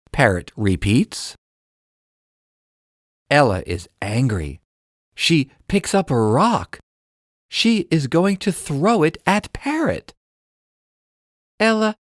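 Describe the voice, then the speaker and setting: A narrator reading a children's story aloud and leading the activities, slow and very expressive. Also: medium pitch, dry recording, studio quality. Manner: slow, sing-song, very expressive.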